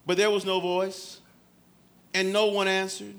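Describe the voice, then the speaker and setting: High, bright-voiced preacher man. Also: flat delivery, unhurried. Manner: dramatic, shifts between loud exclamation and low scripture reading. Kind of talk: sermon.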